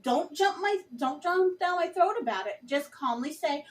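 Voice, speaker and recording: Woman vlogging, high voice, passionate and emphatic, kinda far from the mic. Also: expressive, normal speed. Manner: passionate, emphatic, addresses viewers directly. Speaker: vlogger reviewing a book. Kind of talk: earnest direct-to-camera talk.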